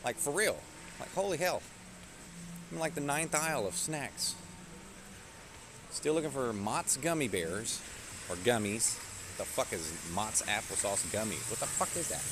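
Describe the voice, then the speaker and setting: A man's voice: mid-range voice, very animated, unhurried, pauses often. A man live-streaming while he shops, talking casually and rambling with plenty of swearing. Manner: rambling, profane, jokey. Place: shop aisles indoors. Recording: noisy shop background.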